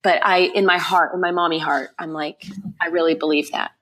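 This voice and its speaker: A young woman with a low-set voice tells a personal testimony as a podcast guest. She talks with raw emotion and repeats phrases as she relives events. The delivery is an unscripted interview retelling. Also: fairly even intonation, fairly quick, a bit bright.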